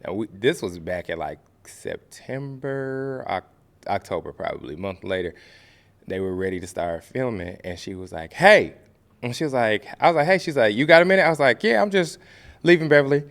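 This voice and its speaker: Midwest guy with a lowish voice, guest on a podcast, telling a story and doing everybody's voices. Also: moderate pace. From American Midwest. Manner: animated, acts out quoted voices. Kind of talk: casual storytelling.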